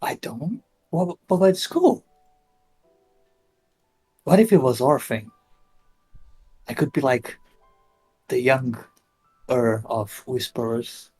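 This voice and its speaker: Player doing a dopey chatty knight guy, stammers a lot, kinda husky. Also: medium pitch, lively intonation, slow, long pauses, warm tone, soft background music. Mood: goofy. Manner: stammering, rambling, awkward. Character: goofy friendly young male knight, chatty, clueless.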